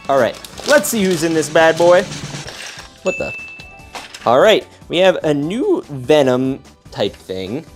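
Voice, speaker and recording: A young man hosting a casual toy unboxing, talking in an excitable, slangy way as he reacts while building. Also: mid-range voice.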